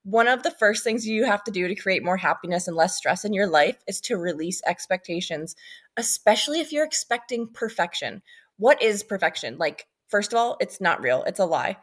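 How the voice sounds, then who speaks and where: A woman's voice: medium pitch, lively intonation, moderate pace, slightly rough. A woman co-hosting a casual podcast, chatty and rambling, swearing freely and drifting into asides. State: pregnant. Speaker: podcast co-host. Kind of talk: casual chat.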